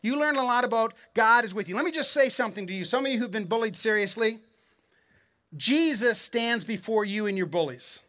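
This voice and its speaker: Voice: mid-range voice, brisk, fairly bright tone. A pastor preaching an earnest, encouraging sermon in a mid-range voice. The delivery is conversational and direct, aimed straight at the listeners, with frequent repeated words as thoughts restart. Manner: encouraging, addresses the congregation directly.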